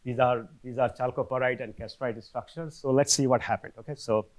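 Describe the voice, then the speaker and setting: A man's voice: medium pitch, steady tone, a little fast. Lecturing man who keeps checking in. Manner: conversational, frequent "okay?" check-ins with restarts. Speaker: seminar speaker. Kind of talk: academic lecture. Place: lecture hall.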